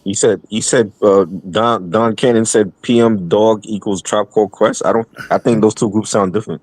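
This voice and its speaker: A man's voice: on the low side, steady tone, normal speed, darkish tone, dry recording. A man co-hosting a casual chat, giving short replies and reading out viewer comments.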